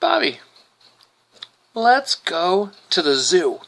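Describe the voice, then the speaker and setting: A man voicing a heroic grown woman with a calm, commanding falsetto in a comic retelling. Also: extremely slow, vocal fry, full character voice. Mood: gentle, firm.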